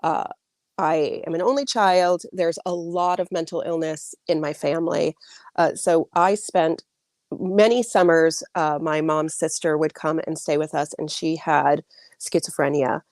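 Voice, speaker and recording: Female author guest, lowish voice, dry sound, chatty and rambling on a video call. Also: steady tone, a little slow, a little mellow, no room sound. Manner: chatty, many likes and restarts. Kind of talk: casual interview answers.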